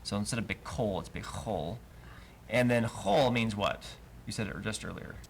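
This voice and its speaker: A man's voice: lowish voice, a little fast, vocal fry, a little hiss or hum. A man teaching a live class, patient and explaining step by step with many fillers. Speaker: Hebrew teacher. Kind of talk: live Bible language class. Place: congregation classroom.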